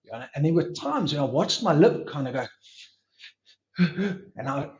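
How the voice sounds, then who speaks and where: A man telling a story as a podcast guest, lively, acting out his own inner dialogue. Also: a little high, unhurried. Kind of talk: storytelling in conversation. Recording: roomy, slightly dull recording.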